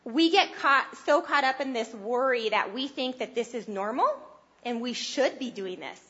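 A woman's voice: on the high side, moderate pace, pushed and bright, muffled recording. A woman preaching a sermon, earnest and conversational, lifting her voice to press her points. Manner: earnest and conversational, rising with emphasis.

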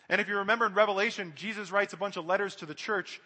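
A man's voice: high-pitched, fairly even intonation, very fast, few pauses, bright, forceful tone, husky, big-room sound. A man preaching a sermon, speaking earnestly and directly to his congregation.

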